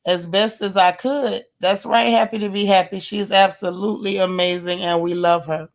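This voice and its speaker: Hoarse woman, livestream host, chatty and affectionate, mid-pitched, reading comments aloud. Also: steady tone, normal speed. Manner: affectionate, teasing. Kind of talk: casual live-stream chat.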